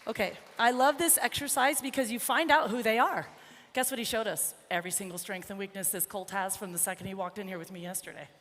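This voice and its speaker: A woman's voice: mid-range voice, steady tone, quick pace, hardly any pauses, fairly bright tone. A woman horse trainer giving a live arena demonstration, chatting encouragingly to her colt and the crowd. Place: large indoor horse arena. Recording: reverberant arena with faint noise.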